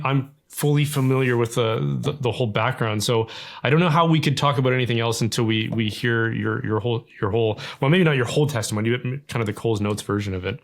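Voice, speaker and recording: A man with a Canadian accent, hosting a casual interview and talking with many fillers and restarts. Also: medium pitch. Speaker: host.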